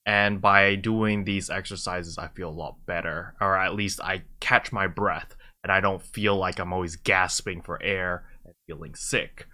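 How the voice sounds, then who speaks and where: A man's voice: low-pitched, steady tone, unhurried, hardly any pauses, pushed and bright. A man talking casually to viewers, explaining a simple relaxation habit with plenty of fillers and restarts. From lives in China. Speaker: YouTuber giving advice. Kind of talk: casual advice talk to camera.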